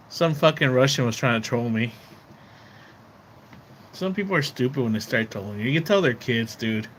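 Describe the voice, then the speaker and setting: A man's voice: mid-range voice, animated, moderate pace, pauses often, fairly bright tone, a little hiss or hum. A man live streaming from outside his house, rambling in casual chat, repeating words and swearing when he gets riled up. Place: outdoors near his house.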